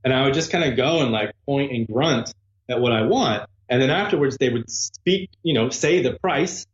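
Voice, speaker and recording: A man, a guest musician, telling lively anecdotes in casual conversation and mimicking the people in them. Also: mid-range voice, moderate pace, reverberant, lo-fi sound. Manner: animated, imitates voices in anecdotes. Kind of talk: casual storytelling chat. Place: abroad in a Spanish-speaking country.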